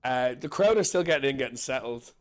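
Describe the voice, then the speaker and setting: A young man, a podcast co-host and comedian, joking and swearing in quick casual banter. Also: mid-range voice, animated. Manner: jokey, swears a lot, quick asides.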